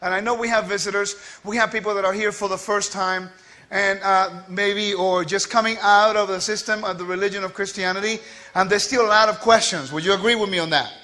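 A man giving a quick, scattered and playful teaching to a congregation, joking with the listeners as he goes. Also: sits high, fairly even intonation, bright, forceful tone. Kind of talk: lively spoken teaching.

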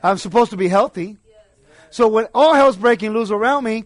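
A man preaching a sermon, emphatic, swinging between quiet asides and loud declarations. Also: high voice, normal speed, dry recording.

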